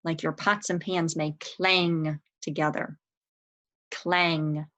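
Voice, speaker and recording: Woman teacher, lowish voice, very slow and deliberate, sounds out and spells words for young kids. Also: little pitch movement, a bit bright, highs cut off. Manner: patient, encouraging.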